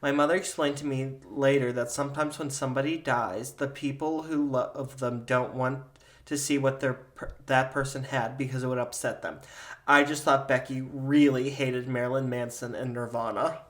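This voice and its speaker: A podcast host reads a spooky story aloud in a steady, unhurried telling. His voice sits in an ordinary middle pitch for a man.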